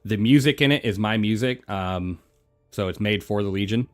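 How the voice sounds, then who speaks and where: Male game streamer, low voice, laid-back and chatty, talks around a throat lozenge. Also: normal speed, faint music behind. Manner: relaxed, chatty, answers chat between flying. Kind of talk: casual live-stream chat.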